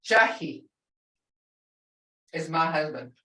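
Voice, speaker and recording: An older woman teaching a language class in a relaxed way, slowly repeating words to show their tones. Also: low voice, reverberant, recorded from a distance. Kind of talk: informal language lesson.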